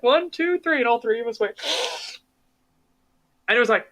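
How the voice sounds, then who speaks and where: A bright, forceful voice chatting casually on a podcast, jumping into acted-out quotes as it tells a story. The tone stays middle-pitched and lively. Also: moderate pace, pauses often. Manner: animated storyteller acting out quotes. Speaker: podcast co-host. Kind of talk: casual chat.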